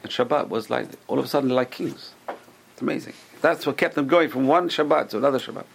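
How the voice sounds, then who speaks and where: A man's voice: medium pitch, fast, creaky, slight background noise. A man teaching a Torah class, telling stories and acting out the people in them, often repeating and restarting his phrases. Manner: animated storyteller, acts out quoted people.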